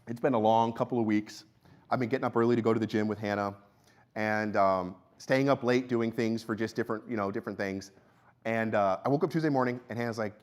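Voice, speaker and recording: A young adult man, a pastor, preaching a sermon in a church in a conversational storytelling way, dropping his voice low and quiet when he tells a personal story. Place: church sanctuary.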